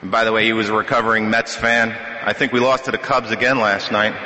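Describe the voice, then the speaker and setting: A middle-aged man sharing his recovery story at a meeting podium, wry and self-deprecating, with halting restarts. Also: on the low side, level tone, sharp tone. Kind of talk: personal testimony at a podium. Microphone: podium microphone. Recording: echoey hall reverb.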